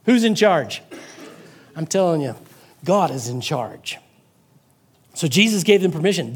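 A male pastor preaching in a loose, conversational sermon, often stopping to check the congregation is following. His voice sits notably high for a man, and he restarts words as he thinks aloud. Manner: repeats words while thinking.

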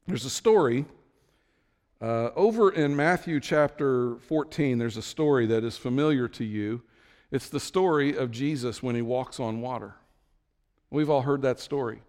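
Animated preacher in a reverberant hall. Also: male voice, moderate pace. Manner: storytelling, swings from low and quiet to high and excited. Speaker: pastor. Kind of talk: sermon.

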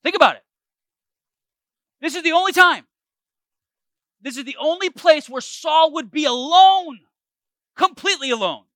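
Lively, joking male preacher telling a Bible story with playful asides. His voice is high and bright, with wide pitch swings. The sound is close and dry. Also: a little slow, pauses often, dry recording. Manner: animated and joking, with asides to listeners. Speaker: pastor. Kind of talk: retelling a Bible story to a congregation.

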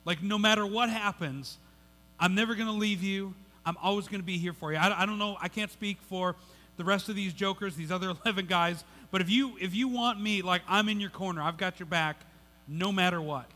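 A loud, stammering male disciple who swears loyalty and then scrambles to deny it, pitched high and bright, as a preacher acts him out. His voice rings through a large hall with a long tail of reverb. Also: a little fast. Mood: boastful. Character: boastful, flustered male disciple.

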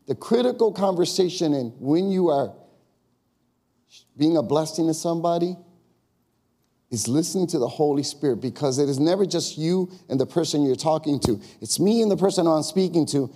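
Man preaching with a dark, mellow voice. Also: a little high, expressive, moderate pace. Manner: conversational preaching, acts out quoted questions in a raised voice. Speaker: pastor. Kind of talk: sermon.

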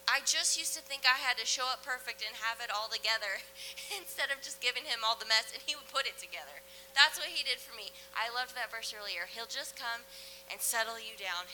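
A woman's voice: sits high, bright, forceful tone, slight background noise. A woman preaching a sermon in a church in a chatty, conversational way, often laughing between phrases.

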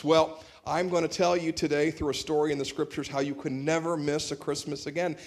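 A man's voice: a little high, creaky. A man preaching a sermon in a church, conversational and humorous, telling stories on a shared microphone. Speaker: pastor. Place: church sanctuary.

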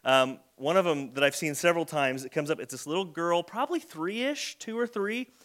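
A man's voice: on the high side, animated, moderate pace, a bit bright. A man preaching a conversational sermon as a pastor, telling everyday stories. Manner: conversational storytelling with acted kid voices.

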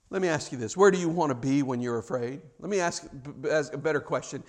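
A man preaching a sermon with a slightly higher-than-usual voice. His delivery is dramatic, swelling to loud, emphatic questions and sinking to soft, hushed phrases. He slips in light jokes along the way. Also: animated, moderate pace. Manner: humorous asides. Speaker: pastor.

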